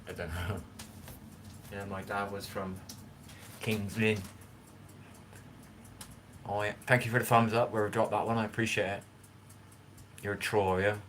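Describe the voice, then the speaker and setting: A livestream host talks to his chat from his home kitchen, drifting between topics while he cooks and tidies, with occasional blunt swearing. His voice runs low but fairly bright, and there's a bit of background noise.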